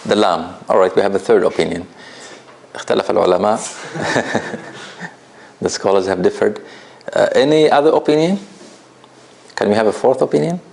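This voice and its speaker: Low gravelly man teaching a class. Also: normal speed, pauses often, a little mellow. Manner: patient, laughs often, asks the class questions. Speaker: tajweed teacher. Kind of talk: classroom lesson. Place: office used as a classroom.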